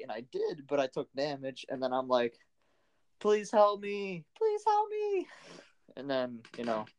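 Young man, mid-pitched voice, rambling casual gaming talk, lots of fillers. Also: clear, resonant tone. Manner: rambling, full of "like" fillers, laughs often. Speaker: podcast co-host. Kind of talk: casual chat about a video game.

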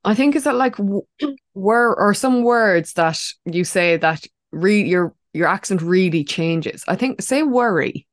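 A woman co-hosts a casual podcast in a middle-pitched voice. She rants with emphasis and swears in nearly every sentence. Her delivery stays loose and conversational throughout. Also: a little slow. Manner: ranty, emphatic, swears constantly. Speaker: podcast co-host. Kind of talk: casual chat.

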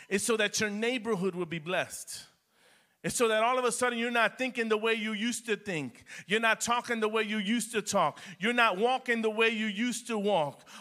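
A man's voice: very high voice, bright, forceful tone. A man preaching a sermon in a church as pastor, repeating phrases and building emphasis. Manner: preaching with rising emphasis and repetition.

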